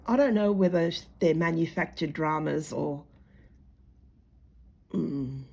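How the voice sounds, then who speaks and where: Blunt, sarcastic Australian woman, slow talker. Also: deep voice, vocal fry, darkish tone. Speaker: jewellery maker and vlogger. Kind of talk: casual chat while making jewellery.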